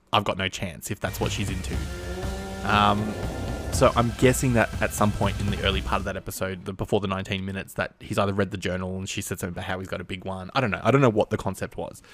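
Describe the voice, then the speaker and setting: A young man chatting casually and rambling, laughing often as he talks. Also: sits low. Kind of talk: casual solo chat.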